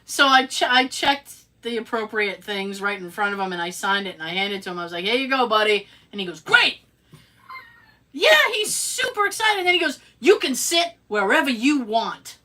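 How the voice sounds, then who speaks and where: Her voice sits at a medium pitch and moves fairly quickly. As a podcast co-host, she relays a story in relaxed conversation, animated and sarcastic, performing the quotes and adding wry asides.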